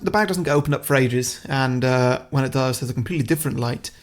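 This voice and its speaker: A man co-hosting a podcast, casually pitching a silly plot in a long, rambling way and chuckling at his own ideas. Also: quick pace. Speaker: podcast co-host.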